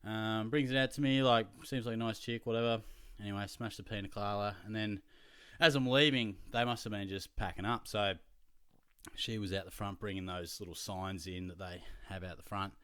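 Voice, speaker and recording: A man's voice: fairly low pitch, fairly even intonation, brisk, a bit bright, clean tone, no echo, studio quality. A young Australian man from Geelong hosting his fantasy football show, rambling casually to viewers with lots of fillers.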